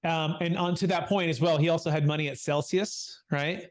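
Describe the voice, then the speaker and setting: A man's voice: fairly high pitch, moderate pace. A young adult man telling a client story in a podcast interview, acting out quotes with lots of fillers. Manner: animated storyteller, acts out quotes, many fillers. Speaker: guest, capital gains tax advisor.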